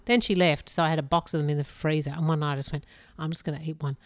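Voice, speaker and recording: A woman's voice: low-pitched, steady tone, rapid-fire, no room sound. A middle-aged woman co-hosting a podcast, telling anecdotes and acting out what people said. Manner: chatty storyteller, acts out quoted speech. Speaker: podcast co-host. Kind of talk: casual chat.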